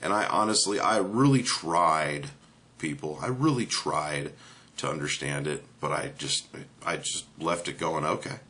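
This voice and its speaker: A man's voice: rumbling low, a little slow, bright, forceful tone. A man giving a casual, ranting movie review, blunt and profane, with many filler words.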